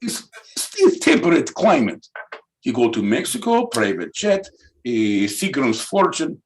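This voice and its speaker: A man's voice: fairly high pitch, very animated, a little slow, a little hiss or hum, rough recording. A man voicing a self-assured Russian man with a thick Russian accent, broken grammar and rhetorical questions. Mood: boastful.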